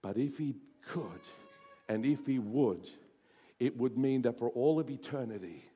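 A male pastor preaching a sermon, building to loud emphatic runs and then dropping to hushed, intense passages. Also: medium pitch, expressive, a little slow, breathy edge. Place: church sanctuary. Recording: church hall reverb.

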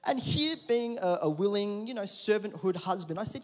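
A man preaching a sermon in a church, telling a story in a lively, conversational way and calling for responses from the congregation. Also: high-pitched, moderate pace. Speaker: pastor. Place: large church auditorium. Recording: long hall reverb.

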